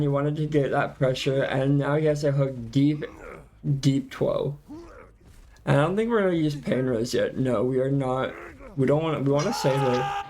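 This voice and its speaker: A man casting a live video game match as play-by-play commentary, chatty and quick to exclaim, often correcting himself mid-sentence. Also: on the high side, slight background noise. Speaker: esports caster.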